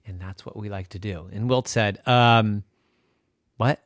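A man narrating a made-up story in a playful, lively way, as a parent at bedtime. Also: on the low side, normal speed, no echo, studio quality. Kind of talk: improvised storytelling.

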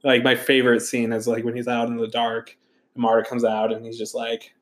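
A man's voice: medium pitch, completely flat delivery, fairly quick. A man casually chatting about a movie he loved, rambling enthusiastically and full of fillers.

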